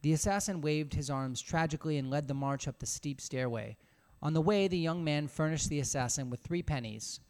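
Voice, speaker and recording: A man reading a story aloud in a small room alone, expressive, with casual asides. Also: fairly high pitch, fairly quick. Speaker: reader.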